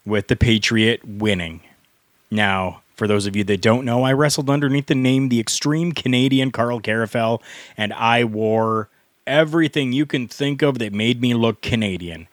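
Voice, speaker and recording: A middle-aged man, a former pro wrestler, co-hosting a podcast and telling stories in an earnest, deliberate way. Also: medium pitch, dry recording, studio quality. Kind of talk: storytelling podcast talk.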